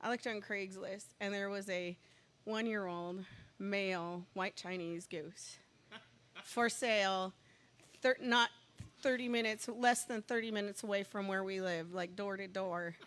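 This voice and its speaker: A woman's voice: medium pitch, measured pace. Chatty woman telling a rambling story. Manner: chatty, rambling storyteller who gets excited. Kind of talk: casual chat.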